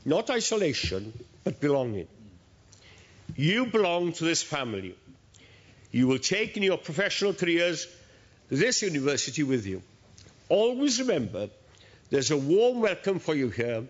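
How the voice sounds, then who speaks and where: An older man from Wales giving a graduation speech in a large hall, telling family anecdotes. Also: a little high. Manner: storytelling, acting out quoted voices. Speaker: university ceremony speaker. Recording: dull lo-fi sound.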